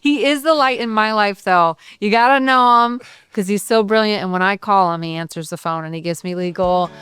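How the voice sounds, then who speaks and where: Bubbly woman podcast host, very clear voice. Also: mid-range voice, fairly quick, fairly bright tone, dry recording. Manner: playful, laughs often while talking. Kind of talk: casual chat.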